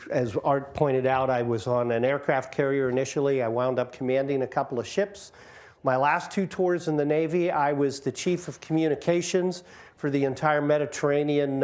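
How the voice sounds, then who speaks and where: A man's voice: medium pitch, darkish tone. A man in his sixties, a guest speaker telling jokes and stories about his career to a community audience on a microphone. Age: 60s. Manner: joking, self-deprecating storyteller. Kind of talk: informal talk to an audience. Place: community hall.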